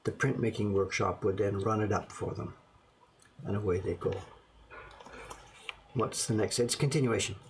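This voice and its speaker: A man's voice: lowish voice, moderate pace, vocal fry, pauses often, a little hiss or hum. A man casually showing his collection of small prints to the camera, rambling and musing aloud in a self-deprecating way. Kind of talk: casual show-and-tell to camera.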